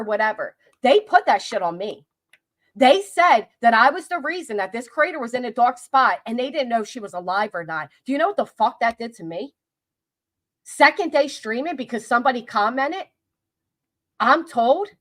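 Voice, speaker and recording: A middle-aged woman with a Philadelphia accent, speaking a little high for a woman. She rants on a livestream, loud, abrasive and swearing freely, her anger unhidden. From Philadelphia, USA. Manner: loud, abrasive, profane, angry. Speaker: livestream host. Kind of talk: heated livestream rant.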